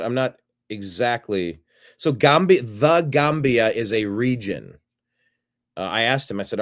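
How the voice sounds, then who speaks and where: A middle-aged man hosting a show, casually rambling as he retells a phone call and acts out both sides of it. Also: medium pitch. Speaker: show host. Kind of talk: casual livestream monologue.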